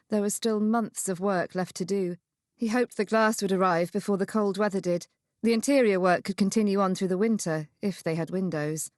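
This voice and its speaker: A woman's voice: medium pitch, darkish tone, dry recording, studio quality. Woman narrating a romance audiobook. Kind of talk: scripted narration.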